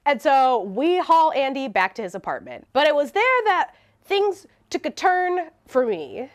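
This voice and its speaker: A woman telling a storytime vlog, animated and laughing as she talks. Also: sits high, measured pace. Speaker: vlogger.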